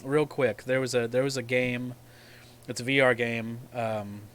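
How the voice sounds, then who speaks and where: A young adult man tells rambling, profane gaming stories in casual podcast chat as an animated storyteller. His voice is medium-pitched and a little slow. A little hiss or hum sits under the recording.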